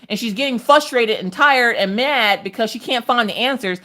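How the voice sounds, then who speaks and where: A woman hosting a casual craft livestream, telling animated, exasperated stories about her family. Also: on the high side, brisk, hardly any pauses. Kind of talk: casual chat.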